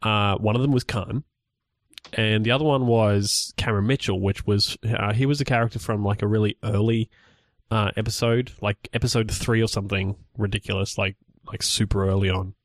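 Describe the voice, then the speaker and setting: Man, podcast co-host, casual movie chat, halting restarts, dry close sound. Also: fairly low pitch, fairly even intonation, dry recording. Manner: rambling, halting with many restarts and fillers.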